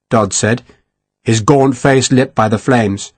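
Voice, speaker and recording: A man narrating a historical war novel in a measured, expressive storytelling manner. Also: medium pitch, breathy edge, no room sound. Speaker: audiobook narrator. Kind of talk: scripted narration.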